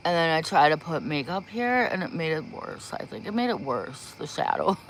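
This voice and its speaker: A woman with a deep, very animated voice rambles and giggles on a livestream, chatting casually before spiritual readings. She's a slow talker, speaking into a propped-up phone in a small room.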